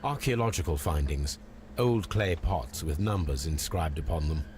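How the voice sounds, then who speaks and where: An actor playing a calm male detective in a video game, noting clues in a measured, matter-of-fact way. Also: rumbling low, a little hiss or hum.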